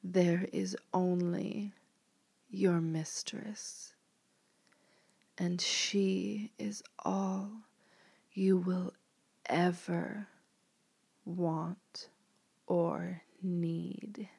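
Lady doing whispered role-play, bossy hypnotic mistress, gravelly breathy whisper, dry close sound. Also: fairly low pitch, little pitch movement, a little mellow, no room sound. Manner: slow commanding hypnotic whisper.

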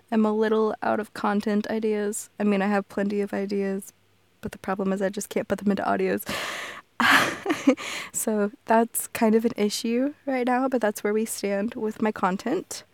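A woman's voice: medium pitch, no echo. A woman from Texas with a Southern accent, chatting casually and goofily in a solo audio, laughing often and swearing casually. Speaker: audio creator.

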